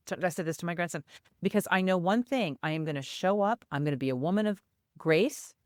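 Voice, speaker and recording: Older lady on a podcast telling a story, does the voices, smooth clear voice, dry close sound. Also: on the low side, quick pace, no room sound. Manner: animated storyteller who acts out quoted voices. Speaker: podcast co-host. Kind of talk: personal storytelling in a podcast chat.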